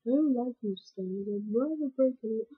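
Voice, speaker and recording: A woman with a husky, somewhat high voice talks slowly through a game she is playing, breaking into excited yelps. The sound is dry and dull, like a cheap home mic. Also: no echo. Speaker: gameplay commentator. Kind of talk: casual gameplay commentary.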